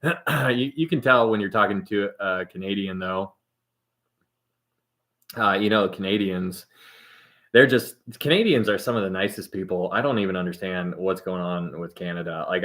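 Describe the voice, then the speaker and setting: A man's voice: on the low side, a bit bright. A man hosting a casual livestream and reading out viewer comments. He rambles, laughs often and trails off mid-sentence. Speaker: livestream host.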